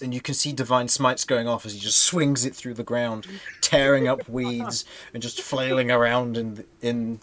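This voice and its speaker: A man's voice: mid-range voice, fairly bright tone. A man narrating a tabletop game as game master, describing scenes and often laughing.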